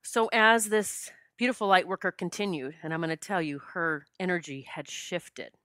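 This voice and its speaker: Low-voiced woman telling a spiritual story. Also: moderate pace, bright, forceful tone, no room sound, studio quality. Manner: heartfelt, gets choked up and emotional. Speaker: podcast host. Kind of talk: personal storytelling monologue.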